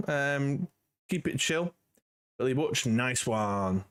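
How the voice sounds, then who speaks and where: Slow yet animated, his mid-range voice comes across smooth and a bit bright. The forty-something host from the UK chats with his livestream viewers from home in a friendly, meandering way, with plenty of "you know"s.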